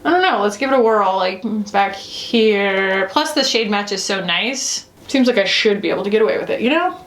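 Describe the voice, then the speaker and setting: A woman's voice: mid-range voice, animated, moderate pace, fairly bright tone. A woman in her thirties chatting casually as she reviews makeup, rambling with lots of "like" and "you know.". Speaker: beauty reviewer. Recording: echoey room.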